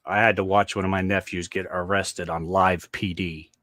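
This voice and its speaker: A man's voice: deep voice, level tone, moderate pace, a bit bright, no echo, clean studio sound. A man co-hosting a live stream, plain-spoken and supportive.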